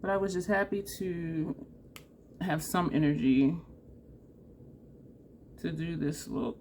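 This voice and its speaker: A woman talks through her makeup in a loose, self-deprecating ramble, laughing at herself as she goes. Her voice sits on the low side, and her nose is running. A faint room hiss sits under the recording. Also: dark tone. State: runny nose. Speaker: makeup vlogger. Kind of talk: casual makeup tutorial chat.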